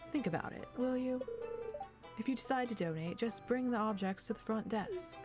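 A woman's voice: on the high side, normal speed, pitched above the performer's own voice, lightly acted. A woman voicing a fussy, scholarly old male museum curator in a game, with a put-on Southern accent and game music behind her. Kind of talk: reading game dialogue aloud in a put-on voice.

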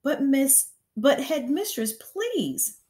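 A woman voicing a gentle young teacher who pleads earnestly for her pupil, read from a storybook. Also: on the low side, very animated, unhurried. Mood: earnest, pleading. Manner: pleading, raised and urgent.

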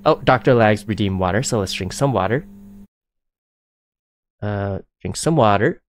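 Excitable man streaming a horror game. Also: on the low side, measured pace, dry recording. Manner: excitable and panicky, laughing often. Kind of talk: live gameplay commentary.

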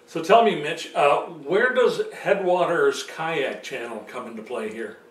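A man doing a nosy, teasing interviewer who pokes fun at his guest with quick questions. The voice sits a bit high and sounds roomy, caught from a distance. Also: animated. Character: curious male interviewer, playful and teasing.

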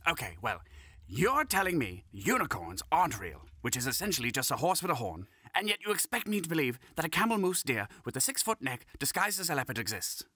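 A man's voice: fairly high pitch, big pitch swings, fairly quick, pushed and bright, no room sound. A man narrating comedy sketches in a dry, mock-serious scripted style.

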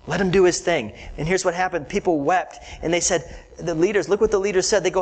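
A man preaching a conversational Bible study sermon to a congregation, animated and direct, with asides to the listeners. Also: sits high, quick pace, low-quality recording. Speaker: pastor.

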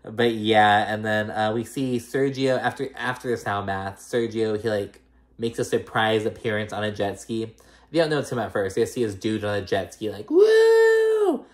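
A man's voice: on the low side, steady tone, normal speed. A man casually recapping a reality show episode, rambling with lots of fillers like "like" and "girl". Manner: chatty, filler-heavy retelling, full of 'like' and 'girl'.

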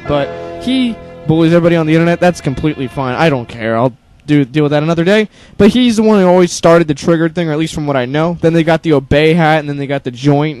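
A man's voice: on the high side, darkish tone. A teenage boy ranting on his own channel, sarcastic and exasperated, swearing often. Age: teens. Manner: sarcastic, exasperated, swears a lot, mocks others in silly voices. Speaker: youtuber. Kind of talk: ranting monologue.

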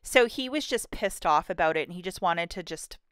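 Chatty woman with a low, smooth voice. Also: expressive, moderate pace, fairly bright tone, no echo, clean studio sound. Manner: chatty, many fillers, acts out her own thoughts. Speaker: couponing vlogger. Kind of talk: casual storytime.

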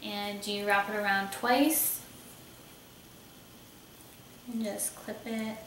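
A young woman talks slowly and chattily, clearly delighted with each piece she holds up. Her voice comes from a little way off the mic in an echoey room, with a faint hiss underneath. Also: medium pitch, steady tone, fairly bright tone. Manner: chatty, enthusiastic, thinking aloud while showing items. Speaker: beauty vlogger. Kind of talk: casual haul video. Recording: roomy echo, somewhat far from mic, faint hiss.

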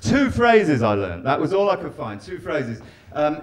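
A man's voice: a little high, sing-song, unhurried, noisy background. A man doing a stand-up set in a live venue, chatting with and teasing the audience. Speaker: stand-up comedian. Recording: live show with crowd laughter.

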